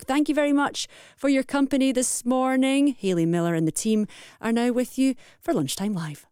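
A woman hosting a radio phone-in, brisk and friendly, reading out listener messages and trailing the next show. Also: fairly low pitch, warm tone, smooth, no room sound, studio quality. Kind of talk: radio presenting.

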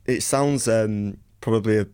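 A man giving a measured, hesitant opinion as a pundit in a sports radio studio. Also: lowish voice, darkish tone, smooth, no room sound.

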